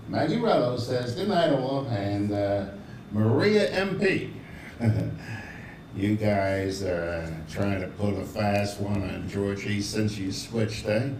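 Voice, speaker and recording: A man hosts in an easygoing, unhurried way, reading viewer greetings one by one and laughing softly between them. His speech is slow and loose, and the echo of a roomy space surrounds the voice with a faint hum behind it. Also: medium pitch, distant mic. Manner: chuckling, relaxed, chatty. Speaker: show host. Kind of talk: casual live-stream chat, reading viewer comments.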